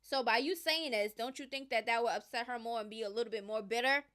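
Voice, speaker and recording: A woman hosts casual commentary, reading posts aloud and weighing in with emphatic, opinionated remarks. Her voice sits a little high and comes across smooth and clean. She swings from loud outbursts to low asides. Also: fast talker. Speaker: gossip commentary host.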